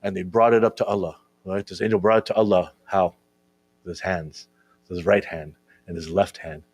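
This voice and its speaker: A man's voice: sits low, steady tone, moderate pace, a little mellow, husky, no echo. A man giving a conversational sermon to young listeners, often checking in with "right?" and repeating words as he searches for them. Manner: conversational, keeps asking "right?". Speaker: speaker at a religious gathering.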